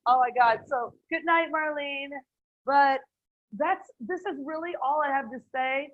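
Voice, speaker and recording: A woman leading a faith group on a video call, effusive and quick to exclaim, laughing between thoughts. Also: high-pitched, no room sound, phone-quality sound. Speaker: group leader.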